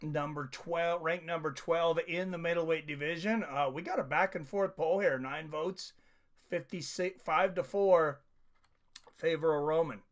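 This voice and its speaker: A man's voice: a little high, measured pace. A man hosting a live fight watch-along, chatting casually and reading viewer comments aloud. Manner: reads chat comments aloud, laughs often. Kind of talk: casual live stream chat.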